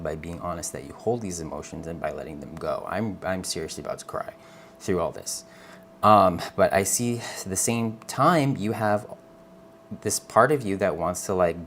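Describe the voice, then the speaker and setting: Deep-voiced man giving a gentle tarot reading. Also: slight background noise. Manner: gentle, earnest, reassuring, checks in with "okay?"; calls the viewer honey and girl. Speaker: tarot reader. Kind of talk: live tarot reading addressed to viewers.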